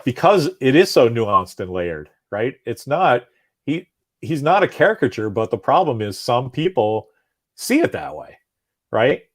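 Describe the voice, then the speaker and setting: A guest on a casual comics chat, this man has a medium-pitched voice and speaks a little slowly. He's talkative and animated, going on at length and often adding "right?" to his points.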